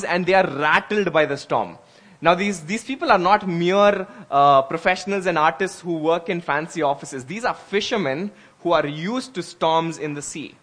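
A man's voice: a little high, fairly bright tone. A man preaching a sermon as pastor, earnest and conversational, with emphatic rises.

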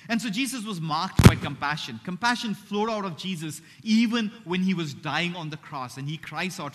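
An earnest male preacher with a slightly high voice delivers a sermon. He speeds through asides and then slows to a soft hush for his main points. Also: lively intonation, slight background noise. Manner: earnest, slows and drops to a hush on key phrases. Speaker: pastor.

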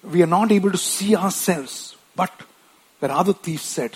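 Male preacher, slightly high voice, husky, slow and chatty sermon delivery. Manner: conversational, frequent tag questions and restarts; wife mentioned.

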